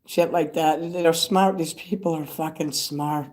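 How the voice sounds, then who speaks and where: Older man rambling flatly on a livestream. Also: fairly high pitch, measured pace. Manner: meandering, swears freely, reads and answers chat comments. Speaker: livestream host.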